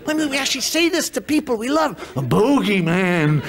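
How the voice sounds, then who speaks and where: High-pitched ranting male stand-up comic. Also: quick pace, a bit bright. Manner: incredulous, ranting rhetorical questions. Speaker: stand-up comedian. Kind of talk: stand-up routine. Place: comedy stage before a live audience. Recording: live audience laughter, noisy room.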